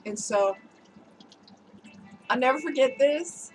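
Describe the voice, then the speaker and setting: A woman's voice: high-pitched, lively intonation, takes it slowly, a little hiss or hum, low-quality recording. A woman vlogger with a cold, telling a personal story to her viewers in a candid, emotional, chatty way. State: has a cold, voice slightly strained.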